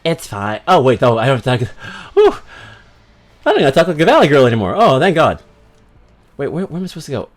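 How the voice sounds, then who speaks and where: A man streaming a video game, giving rambling, casual commentary full of crude jokes and quick asides. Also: mid-range voice, wildly swooping pitch, faint music behind. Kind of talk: casual let's-play commentary.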